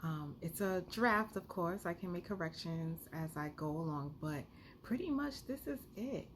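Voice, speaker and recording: A woman's voice: lowish voice, expressive, normal speed, a little hiss or hum. A young woman, talking casually into her phone camera, thinking aloud and singing bits of a song draft. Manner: chatty, thinks aloud, sings snatches of melody. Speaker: songwriter vlogging her process. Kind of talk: casual vlog talk, singing draft lyrics.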